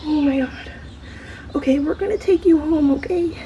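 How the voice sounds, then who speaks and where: Outdoors by a tree under an apartment, a woman vlogs casually on the spot using a handheld camera phone, with slight background noise. Her high, mellow voice moves at a moderate pace. She sounds flustered and shaky, breathing heavily, repeating herself and sliding into whispers now and then.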